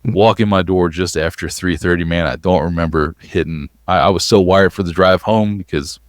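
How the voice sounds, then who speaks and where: A man co-hosting a podcast, telling a long travel story in an animated way and sounding worn out. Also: deep voice, normal speed, no echo, studio quality. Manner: animated storyteller, acts out quoted voices. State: exhausted after a long travel day. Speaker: podcast co-host.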